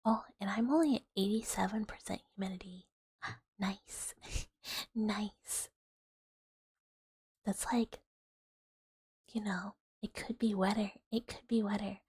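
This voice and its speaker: A young woman streaming as an ASMR host, chatting with viewers in a soft whispered role-play and rambling with fillers on a close microphone. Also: medium pitch, moderate pace, husky, dry recording. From United States. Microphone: close sensitive ASMR microphone. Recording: loud hiss under the whisper.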